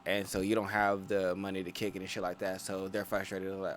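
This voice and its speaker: Low-voiced guy on a podcast, talks it through slow then speeds up, restarts a lot, faint hiss behind. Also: monotone. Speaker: podcast co-host. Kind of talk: casual podcast chat.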